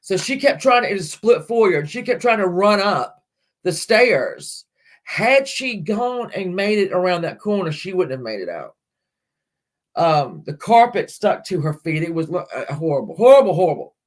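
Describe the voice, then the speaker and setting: A woman's voice: lowish voice, big pitch swings, unhurried. A middle-aged woman hosting a livestream, chatting casually with viewers in a rambling way, laughing often and swearing lightly. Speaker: livestream host.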